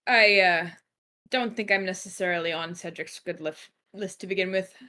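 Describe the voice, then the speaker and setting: A woman voicing a shrewd, self-assured female council official in a fantasy game, speaking in a measured way with hesitant fillers. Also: on the low side, pushed and bright. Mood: confident.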